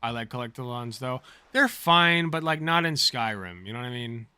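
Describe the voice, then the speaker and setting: A man's voice: mid-range voice, brisk, smooth, dry recording. A man streaming, chatting casually and jokingly as he plays and reacts. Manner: casual, jokey, animated.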